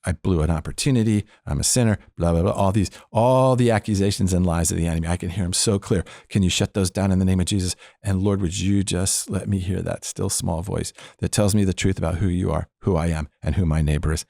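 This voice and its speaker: A man's voice: sits low, fairly even intonation, fairly quick, gravelly, hardly any pauses, dark tone, no echo, clean studio sound. An older man speaking as a podcast guest, teaching about faith in an earnest, emphatic way, repeating phrases and laughing between points.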